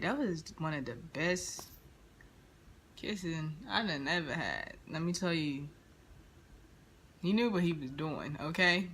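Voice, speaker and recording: Bright-voiced woman telling a storytime. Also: lowish voice. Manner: animated, slangy, dramatic storytelling. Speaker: vlogger. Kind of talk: storytime vlog.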